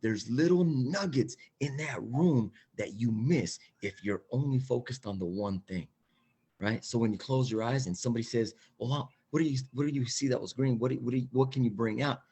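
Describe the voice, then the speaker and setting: Man, motivational speaker, husky tone, emphatic, repeats lines for punch. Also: medium pitch, normal speed. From Mexican heritage. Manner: energetic, emphatic, repeats phrases for effect. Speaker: guest. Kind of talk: motivational talk.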